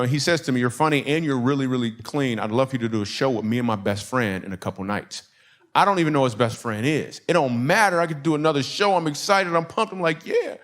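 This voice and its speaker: A man from Michigan delivers a stand-up story, voicing the people involved as the audience laughs along. His voice sits at medium pitch with a fairly bright tone.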